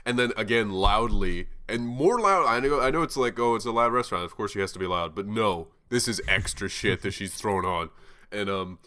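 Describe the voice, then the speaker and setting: A young man co-hosting a podcast, telling a story in a rambling, animated way with plenty of swearing. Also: lowish voice, a little fast. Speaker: podcast co-host. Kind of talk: casual chat.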